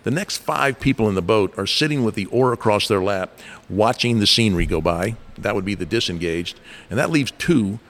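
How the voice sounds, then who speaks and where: A middle-aged man, a leadership coach, explaining ideas through lively stories and acted-out quotes in a relaxed conversational way. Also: fairly low pitch, fairly quick. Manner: animated storyteller, acts out quoted voices.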